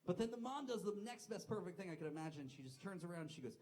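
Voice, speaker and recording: A man's voice: high voice, very animated, very fast, hardly any pauses, a little mellow, rough recording. A man doing a live stand-up set at a comedy club, rambling and self-deprecating, swearing a lot. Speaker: stand-up comic.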